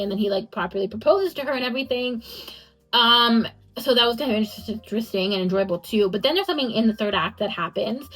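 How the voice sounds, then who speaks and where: A woman's voice: mid-range voice, poor audio. Chatty young woman reviewing a book. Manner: chatty, many fillers like "like" and "um". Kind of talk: casual book review vlog.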